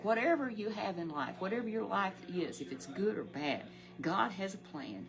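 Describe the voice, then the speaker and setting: A woman's voice: medium pitch, expressive, moderate pace, vocal fry, over music, low-quality recording. A woman telling a Sunday Bible story to a companion, talking in a homely way that repeats and stumbles over words. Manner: repetitive, stumbling, homely exclamations.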